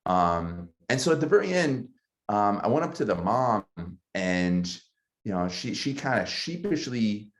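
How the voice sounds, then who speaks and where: A man who is a city councilmember and former teacher tells a personal story in an earnest, halting way, with many ums. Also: fairly low pitch, sing-song.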